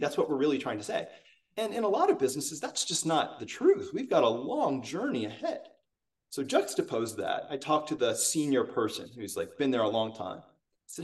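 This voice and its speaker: Animated male sales coach, storytelling. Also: medium pitch, brisk, distant mic. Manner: animated, acts out quotes. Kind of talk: conversational storytelling.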